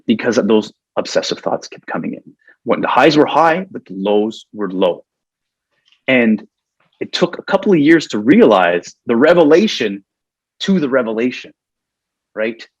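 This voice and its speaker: Man, podcast guest, storytelling, earnest, husky, dull dry sound. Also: mid-range voice, moderate pace, no echo. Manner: animated storyteller, acts out his own past thoughts; earnest, gets emotional telling the story. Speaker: podcast guest, corporate trainer.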